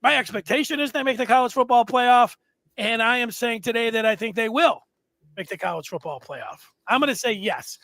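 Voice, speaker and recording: A man's voice: very high voice, expressive, brisk, gravelly, pushed and bright, no room sound. A man hosting a sports talk show, telling stories in a playful, joking way. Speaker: show host.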